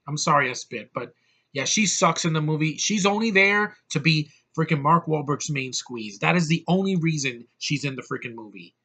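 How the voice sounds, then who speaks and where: Man, movie review rant, exasperated, profane, emphatic, bright, slightly high voice. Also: expressive, moderate pace, breathy edge. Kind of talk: ranting movie review vlog.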